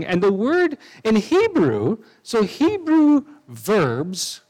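A man's voice: fairly high pitch, rough recording. A man preaching a sermon in a conversational way, with asides and restarts.

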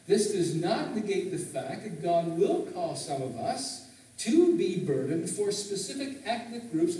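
High-voiced pastor preaching in an echoey hall. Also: male voice, darkish tone, distant mic. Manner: teaching, asks the congregation frequent questions. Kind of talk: sermon. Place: church sanctuary, in Canada.

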